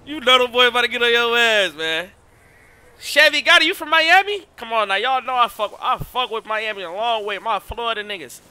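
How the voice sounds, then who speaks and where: High, bright-voiced excitable male streamer. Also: fairly quick, clear, resonant tone. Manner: excitable, slangy, shouts out viewers. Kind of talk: casual live-stream chat.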